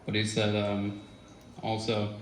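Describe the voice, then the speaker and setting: Low and monotone, a man speaks slowly as he recalls stories about his former teacher at a memorial tribute. His manner is conversational, with fillers and imitated voices, and the echoey room has faint noise in it.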